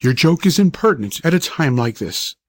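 A man's voice: fairly high pitch, big pitch swings, a little fast. A man voicing a pompous, irritable old doctor who talks in a stern, lecturing way. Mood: indignant.

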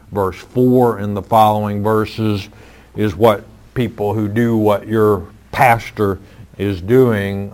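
Slow, low-voiced male Bible teacher. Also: a little mellow. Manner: slow, measured, firm and plain-spoken. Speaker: Bible teacher answering listener questions. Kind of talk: radio Bible question-and-answer.

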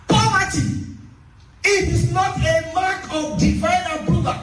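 A man preaching a sermon, telling animated stories with laughing asides. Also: extremely high pitch, measured pace. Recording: roomy hall, distant mic, faint music.

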